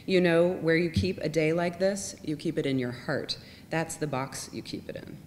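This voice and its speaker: A woman reads an emotional father who speaks earnestly and wistfully, with little change from her own low voice. A long reverb and a faint rumble hang behind. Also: moderate pace, a little mellow, lightly acted.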